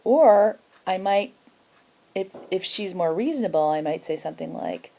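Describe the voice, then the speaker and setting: A woman's voice: mid-range voice, expressive, moderate pace, dark tone. A middle-aged woman explaining emotional boundaries in a spoken self-help lesson, acting out short bits of example dialogue. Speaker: emotional health teacher.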